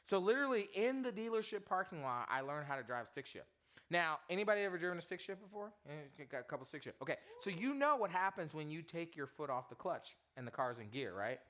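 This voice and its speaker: A man preaching to students as their youth pastor, telling a comic story in an animated way and quizzing the audience. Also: a little high, fairly quick.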